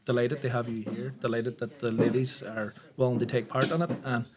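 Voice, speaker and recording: A man's voice: medium pitch, level tone, fairly quick, heavy background noise. A man, a community engagement officer, speaking steadily in a casual interview. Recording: background chatter of a group.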